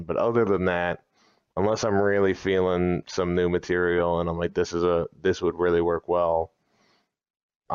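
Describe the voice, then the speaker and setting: A man, a comedian guest on a podcast, chatting casually with deadpan, mock-serious jokes. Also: low-pitched, clear, resonant tone, no echo, lo-fi sound.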